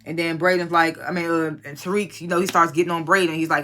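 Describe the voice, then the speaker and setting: A blunt, foul-mouthed reviewer recaps a TV episode in casual chat, dropping loosely acted quotes from the characters. The voice is bright and forceful, and its pitch sits in a middling range. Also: fairly even intonation, quick pace, slight background noise. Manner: blunt, profane and opinionated; retells scenes, quoting characters in a loose conversational voice.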